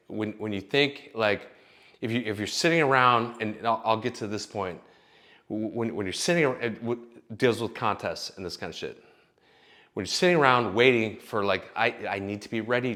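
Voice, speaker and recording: A man's voice: mid-range voice, a bit bright. A man hosting his own channel, talking casually in a rambling, profane way with lots of restarts. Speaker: channel host, screenwriter. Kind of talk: casual vlog monologue.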